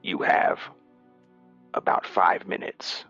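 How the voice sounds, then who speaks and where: A man voicing a gruff golden dragonborn warrior who speaks low, quiet and threatening. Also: takes it slowly, lo-fi sound, soft background music. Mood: menacing.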